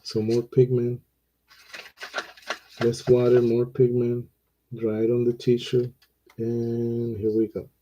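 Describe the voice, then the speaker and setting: A man teaching watercolor, talking through his painting in a relaxed, unhurried way with pauses and fillers. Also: medium pitch, dull audio. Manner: slow, thinking aloud while he paints, with pauses and fillers.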